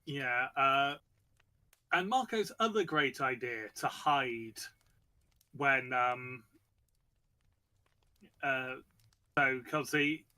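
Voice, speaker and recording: A man's voice: medium pitch, extremely slow, long pauses, sharp tone. A man hosting a casual book chat, rambling with many fillers and restarts. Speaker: podcast host discussing a book.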